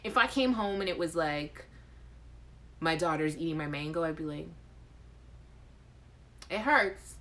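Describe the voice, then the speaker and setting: A woman's voice: low voice, moderate pace, fairly bright tone. A woman hosting a live chat show, talking casually and joking with viewers, reading their comments and answering with playful, exaggerated outrage. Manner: addresses chat viewers by name. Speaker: host.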